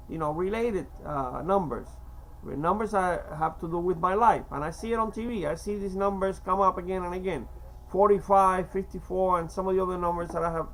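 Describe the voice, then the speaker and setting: A man in his fifties from Cuba with a slight Cuban Spanish accent, talking in a rambling, halting way with many fillers and restarts. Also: high-pitched, fairly bright tone, low-quality recording. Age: 50s. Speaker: vlogger. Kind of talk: rambling casual monologue.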